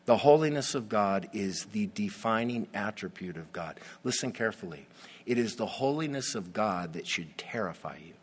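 A man preaching a sermon, slow and emphatic, with dramatic pauses and sudden swells in volume. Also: on the low side, lively intonation, slightly rough. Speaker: pastor.

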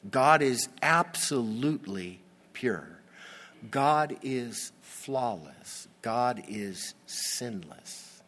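A man preaching a sermon, slow and emphatic, with dramatic pauses and sudden swells in volume. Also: mid-range voice, expressive, a bit bright. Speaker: pastor.

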